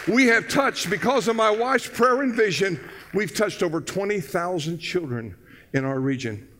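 Older man excitable preacher, high voice. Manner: excitable, loud bursts, folksy storytelling. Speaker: pastor. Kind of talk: sermon.

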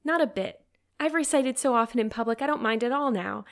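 A woman's voice: fairly high pitch, brisk, voice pushed up, natural voice. A woman reading aloud, voicing an eager, dreamy teenage girl who talks effusively. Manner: romantic, effusive.

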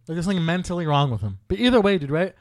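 Young male podcast co-host, brash and profane, slightly high voice, dry close mic. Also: very fast, no echo. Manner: loud, profane, animated ribbing. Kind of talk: casual podcast banter.

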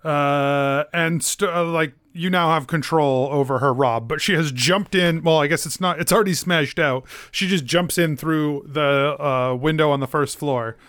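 A man's voice: a little high, normal speed, hardly any pauses, clean tone, dry recording. A man narrating as game master of a tabletop game, describing the action loosely with many fillers. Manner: relaxed, filler-heavy narration.

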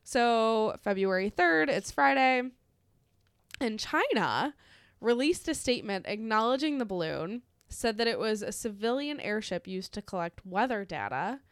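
Smooth-voiced woman chatting casually on a podcast. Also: fairly high pitch, sing-song, measured pace, dry recording, studio quality. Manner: chatty, swears freely, laughs often. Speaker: podcast co-host. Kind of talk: casual news chat.

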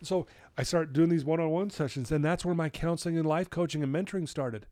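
A man's voice: a little high, quick pace, dry recording. A man telling his personal story in an interview, acting out what people said. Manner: animated storytelling, acts out quotes. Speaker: guest.

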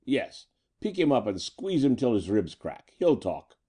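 A man voicing a brutal male gangster boss who snarls rough tough-guy slang. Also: medium pitch, big pitch swings, a little slow, dark tone. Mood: snarling menace.

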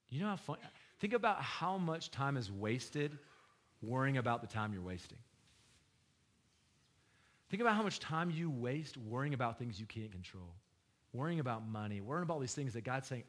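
A man's voice: mid-range voice, big pitch swings, normal speed, long pauses. A man preaching a sermon in a conversational style, joking with the congregation and asking them questions. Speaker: pastor.

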